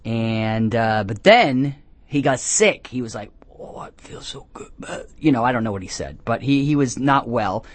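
A man hosting a comedy call-in radio show, speaking at a middling pitch. He rambles in a deadpan way from one absurd tangent to the next. He often restarts his sentences and makes fun of himself. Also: moderate pace, no room sound. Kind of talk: rambling comic monologue.

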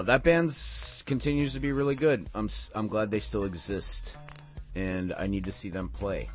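A man hosting a late-night radio show, chatting casually and excitedly between songs, often rambling off on tangents. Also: low voice. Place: radio studio.

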